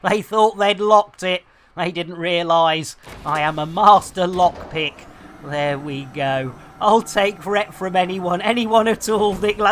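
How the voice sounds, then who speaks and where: Chatty woman in her fifties, unhurried. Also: lowish voice, a bit bright, slight background noise. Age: 50s. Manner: chatty, self-mocking, laughs often, mild swearing. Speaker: game streamer. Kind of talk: casual live-stream chat.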